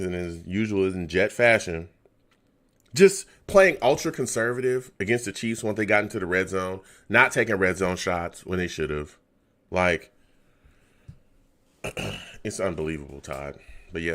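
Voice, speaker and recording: Exasperated low-voiced man muttering. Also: expressive, moderate pace, a bit bright. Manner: repeats himself, drops to a near whisper. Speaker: host of a live fan reaction show. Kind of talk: casual live commentary.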